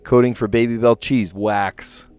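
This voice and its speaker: A man's voice: mid-range voice, fairly even intonation, measured pace, a little mellow, clean tone, faint music behind. A man casually chatting on a live stream, reading puzzle clues aloud and rambling to his viewers. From New Jersey.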